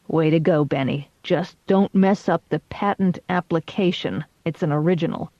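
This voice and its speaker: A woman's voice: low voice, moderate pace, no room sound, lo-fi sound. A woman doing a cocky male lawyer. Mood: irritated. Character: smooth, self-assured male lawyer.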